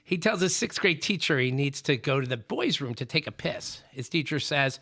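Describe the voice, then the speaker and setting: Gravelly, animated man telling jokes. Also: fairly high pitch, normal speed, hardly any pauses, no echo, clean studio sound. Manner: rambling, self-amused joke telling. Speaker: podcast co-host, joke teller. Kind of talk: casual podcast banter.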